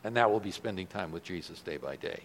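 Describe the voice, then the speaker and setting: A male pastor preaching a sermon in a church, dropping his voice soft and then swelling loud for emphasis. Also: low-pitched, animated, fast talker.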